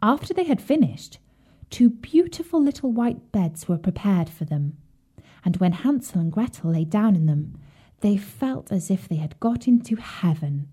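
A woman reading a fairy tale aloud for children, expressive, sometimes dropping to a whisper. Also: mid-range voice, husky. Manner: slow, expressive, drops to a whisper at grim parts. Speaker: storyteller.

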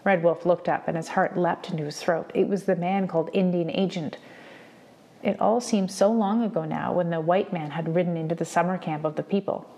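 Low, gravelly woman reading aloud. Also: fairly even intonation, brisk, darkish tone. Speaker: reader. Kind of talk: reading a novel aloud for students.

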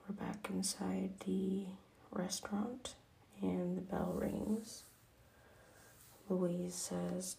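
A woman softly retelling a cartoon episode as whispered role-play. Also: mid-range voice, steady tone, very slow, gravelly, long pauses, rough recording. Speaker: storyteller.

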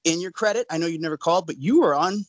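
A man's voice: on the high side, fast, dry recording, poor audio. A man co-hosting a casual sports podcast, speaking earnestly and apologizing for talking so much. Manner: earnest, apologetic, talks at length. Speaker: podcast co-host.

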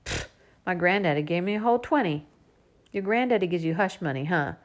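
A woman voicing a brash, bossy uncle who teases loudly in streetwise talk, in a storybook reading. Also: on the low side, lively intonation, brisk, lightly acted. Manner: loud, teasing, streetwise talk. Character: brash joking uncle, adult man, bossy.

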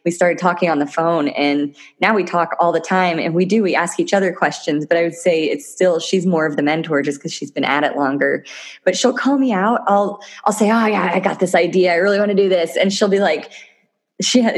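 A woman's voice: fairly low pitch, brisk. A woman talking as a podcast guest in a casual interview, chatty and enthusiastic, often laughing. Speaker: podcast guest, physical therapist turned entrepreneur.

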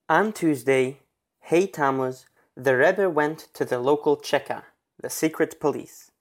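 A man narrating a religious history story in an earnest, steady retelling. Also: on the high side.

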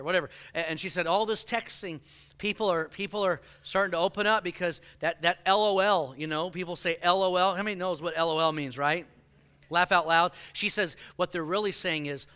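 Animated, bright-voiced male pastor preaching. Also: high voice, a little fast, clean tone. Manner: animated, joking, acts out quoted people. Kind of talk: sermon.

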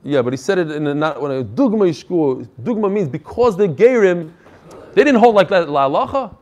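A man gives a Talmud lesson in a fairly high voice. He reads out the passages and explains them in English, and his delivery is lively and emphatic. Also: a little fast. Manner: explains Hebrew and Aramaic text in English, animated and emphatic. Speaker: Talmud teacher. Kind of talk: Talmud class lecture.

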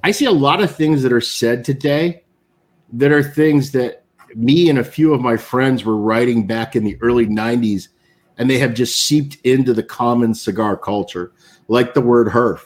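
A man answers questions as a guest on a live online talk show, with a steady middle-pitched voice. He tells long stories, slipping into other people's voices for their lines. His delivery is casual and conversational. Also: moderate pace. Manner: storytelling, acting out others' quotes. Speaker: guest, cigar maker. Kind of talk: live interview anecdote.

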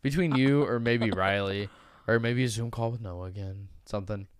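A man's voice: lowish voice, normal speed, clean tone, dry recording, clean studio sound. A young man hosting a podcast in casual chat, rambling with restarts and casual swearing. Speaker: podcast host.

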